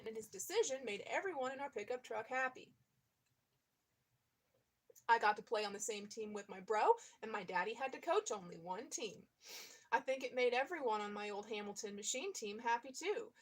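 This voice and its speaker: A woman reading a memoir aloud in a steady voice, now and then stopping to comment on it and laugh. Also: fairly high pitch. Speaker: reader.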